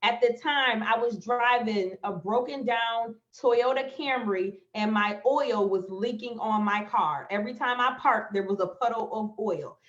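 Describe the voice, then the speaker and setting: A woman's voice: on the high side, a little slow, hardly any pauses. A woman on a live stream, speaking emotionally and telling a personal story directly to her viewers as a motivational speaker. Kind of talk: livestream talk on manifestation. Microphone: phone or webcam live stream. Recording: echoey, slightly dull live-stream audio.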